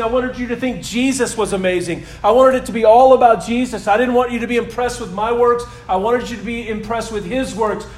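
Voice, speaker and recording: A man preaching a sermon as pastor of a new church, animated and emphatic, at times dropping to a soft, quiet voice. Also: extremely high pitch, roomy sound, low-quality recording. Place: church sanctuary.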